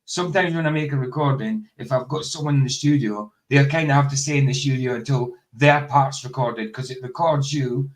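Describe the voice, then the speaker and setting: A man's voice: medium pitch, brisk, few pauses. A man hosting a casual chat over a remote call, laughing often and stumbling over his words. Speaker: host.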